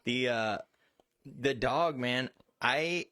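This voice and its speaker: A man co-hosting a casual chat, rambling, profane and quick to get excited. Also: medium pitch, no room sound, clean studio sound. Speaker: co-host.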